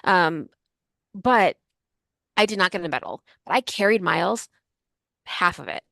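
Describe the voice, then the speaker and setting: A woman's voice: lowish voice, expressive, vocal fry, a bit bright, dry recording. A woman in her forties co-hosting a podcast, telling rambling stories in casual chat. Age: 40s. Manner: fast, rambling storyteller. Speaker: podcast co-host. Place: Yucca Valley.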